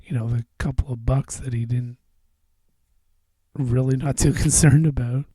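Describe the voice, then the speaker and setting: Dark-voiced man rambling on a podcast. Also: medium pitch, steady tone, measured pace, slightly rough, dry recording. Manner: rambling and profane, drifting into mumbles. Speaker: podcast host. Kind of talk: casual solo podcast monologue.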